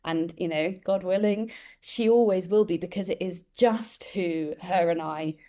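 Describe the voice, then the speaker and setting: A woman, a guest who tells lively stories and acts out the voices of the people she quotes. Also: lowish voice, unhurried. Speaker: interview guest, empathy expert. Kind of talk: conversational storytelling.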